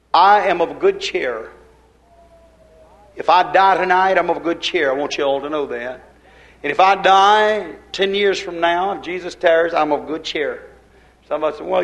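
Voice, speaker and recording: Man, preacher, fervent sermon, rising and falling volume, higher voice. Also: moderate pace, a bit bright, poor audio.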